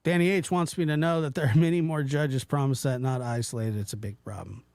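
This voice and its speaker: A man hosting a casual livestream, talking to his chat in a rambling, animated way, often stopping and restarting. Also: mid-range voice, fairly quick, clean tone, dry recording. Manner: animated, rambling, self-interrupting, mimics voices in quotes. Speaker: livestream host reading chat.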